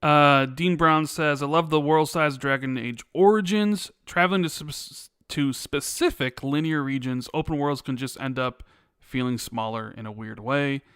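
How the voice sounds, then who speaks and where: A young adult man co-hosting a casual podcast, reading viewer comments aloud and telling animated stories. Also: on the high side, moderate pace, smooth, dry recording, studio quality. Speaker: podcast co-host. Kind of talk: casual chat.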